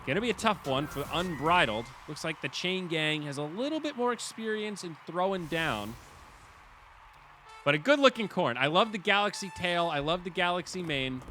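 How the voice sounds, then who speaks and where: A man hosting a game stream, chatting casually and excitably, swearing and laughing at his losses. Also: sits high, moderate pace, slight background noise. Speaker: stream host and commentator.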